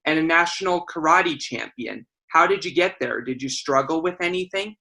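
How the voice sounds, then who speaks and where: Gravelly, bright-voiced man co-host. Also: on the high side, expressive, normal speed. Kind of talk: casual interview.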